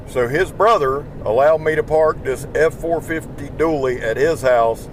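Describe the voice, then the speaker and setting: A man's voice: a little high, moderate pace, hardly any pauses, a little hiss or hum. A tired man with a Southern accent, chatting casually and rambling in a folksy, profane way while driving his pickup truck. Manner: rambling, folksy, swears freely. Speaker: YouTube knife channel host. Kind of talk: casual driving vlog chat. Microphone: small microphone in the truck.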